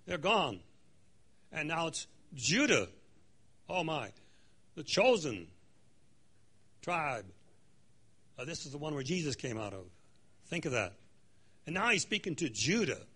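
Forceful man teaching scripture. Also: fairly high pitch. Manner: emphatic, dramatic scripture reading with joking asides. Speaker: Bible study teacher. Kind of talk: conversational Bible teaching.

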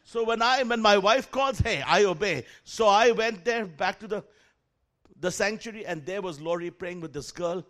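A man with a high voice preaching a sermon as a lively story. He acts out the voices of the people in it and calls out to the congregation for responses. His tone is animated throughout. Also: moderate pace. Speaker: guest preacher.

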